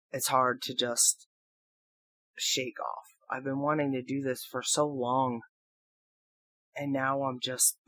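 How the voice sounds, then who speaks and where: A man rambling through a reflective solo audio blog into a microphone, halting and questioning himself as he goes, swearing freely. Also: a little high, fairly bright tone, no room sound. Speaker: audio blogger. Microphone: talking into a microphone.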